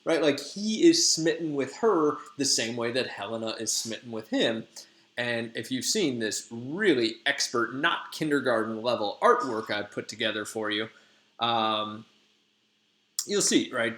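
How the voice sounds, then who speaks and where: A man's voice: mid-range voice, lively intonation, a little slow, pushed and bright. Chill guy teacher retelling a story, lots of ums and likes, echoey room. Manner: slangy, conversational, lots of fillers. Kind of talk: casual lesson retelling a play.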